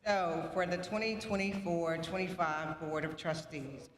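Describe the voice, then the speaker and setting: A woman announcing a board of trustees, reading names and titles in a steady, measured roll call. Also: lowish voice. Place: large banquet hall. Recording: echoey hall with long reverb and faint noise.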